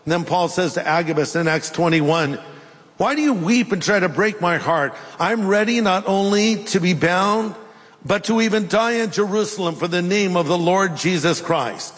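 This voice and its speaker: A middle-aged man delivering a sermon in a fairly high voice, acting out scripture scenes with lively changes. His words ring with the long reverb of a large hall. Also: moderate pace. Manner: animated, acts out biblical dialogue in voices. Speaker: pastor.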